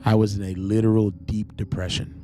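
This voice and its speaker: A man hosting a podcast, telling a personal faith testimony in an earnest, halting, emotional way. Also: fairly low pitch, little pitch movement, mellow, soft background music. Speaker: podcast host.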